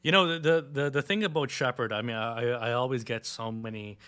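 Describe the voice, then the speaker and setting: Bright-voiced man hosting an interview. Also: medium pitch, a little fast, clear, resonant tone. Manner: stammering, repeats words as he thinks. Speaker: interview host. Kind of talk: casual interview chat.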